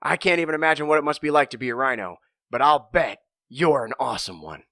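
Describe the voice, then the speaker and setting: A man's voice: mid-range voice, fast, no echo, studio quality, pitched below the performer's own voice. A man voicing an arrogant male bird with a raised, chirpy delivery. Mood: flattering. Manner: boastful, then flattering.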